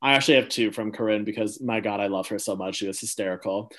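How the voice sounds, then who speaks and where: A man hosting a casual podcast chat, playful and gushing, quick to laugh. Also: on the low side, a bit bright. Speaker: podcast host.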